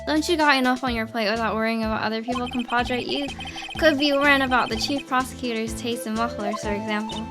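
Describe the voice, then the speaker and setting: A woman's voice: fairly high pitch, moderate pace, lightly acted. Woman voicing a laid-back cowboy detective, folksy drawl, game music behind.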